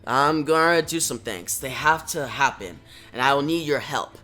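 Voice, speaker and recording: A man's voice: medium pitch, animated, normal speed, pushed and bright. A man voicing a cynical, secretive male occult detective with dry, sardonic lines in a comic reading.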